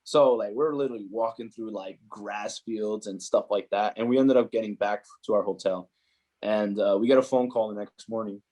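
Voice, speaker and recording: Low-voiced New man telling stories. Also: moderate pace. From New Jersey, USA. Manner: animated, heavy use of "like" and "you know". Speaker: podcast guest, footballer. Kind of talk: casual storytelling chat.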